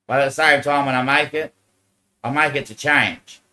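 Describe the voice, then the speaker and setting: A man's voice: mid-range voice, moderate pace, bright, forceful tone, low-quality recording. A man speaking to viewers into a handheld microphone in a disjointed, rambling monologue. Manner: disjointed, loosely connected talk.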